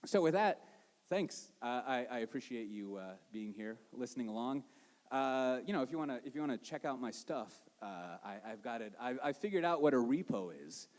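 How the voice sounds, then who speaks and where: A man wrapping up a conference talk in a halting, self-deprecating way. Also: medium pitch, animated, a little mellow. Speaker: conference speaker. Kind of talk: closing a talk. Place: large hall with long reverb. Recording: live conference hall reverb.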